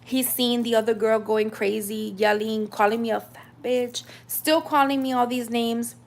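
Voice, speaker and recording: A woman's voice: on the high side, moderate pace. A woman in her thirties from the United States, telling a personal story in a chatty, casual way with lots of fillers. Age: 30s. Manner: chatty, animated retelling with many fillers.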